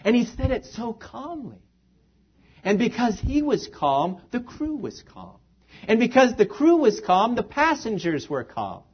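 A man's voice: very high voice, huge pitch swings, unhurried, husky. A man preaching an earnest sermon in a church, repeating phrases for emphasis. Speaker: pastor. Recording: dull lo-fi recording.

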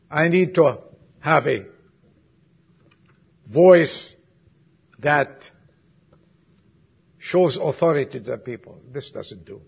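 A man preaching a sermon to his congregation, swinging from emphatic lines to soft, quiet asides and putting questions to the listeners. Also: on the high side, expressive, takes it slowly, creaky, pauses often, husky, highs cut off. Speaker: pastor.

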